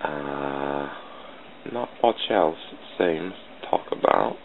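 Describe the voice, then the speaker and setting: A man talks slowly through his drawing in a put-on voice that sits extremely low and grinds with gravel. He speaks in a mock-formal way. The sound is thin and phone-like, with a faint hiss behind it. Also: lively intonation. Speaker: channel host drawing sprites. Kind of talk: casual drawing commentary.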